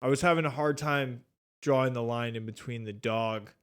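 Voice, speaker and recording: A man's voice: mid-range voice, normal speed, clean tone. A young man hosting a casual podcast chat, laid-back and rambling, swearing often. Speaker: podcast host.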